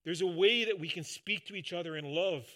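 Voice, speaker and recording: A man preaching a sermon in an earnest way, dropping soft and low at times and rising loud for emphasis. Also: fairly quick. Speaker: pastor.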